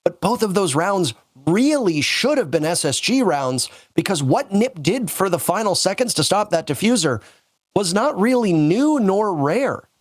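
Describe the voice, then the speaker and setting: A male esports caster with a slightly high voice, talking through the match in a measured, analytical way. He calls the action live. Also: very animated, no room sound.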